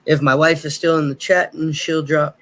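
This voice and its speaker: A man's voice: a little high, flat delivery, moderate pace, fairly bright tone, rough recording. A man hosting a casual livestream from a home setup, hesitant and thinking aloud with many fillers. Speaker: livestream host.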